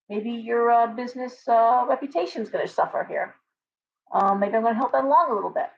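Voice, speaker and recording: Woman, livestream tarot host, chatty and animated, slightly high voice, lo-fi webcam sound. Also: normal speed, vocal fry. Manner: animated, talks with lots of restarts and asides to viewers. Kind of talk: casual livestream chat. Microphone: webcam with ring light. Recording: slightly dull lo-fi stream audio.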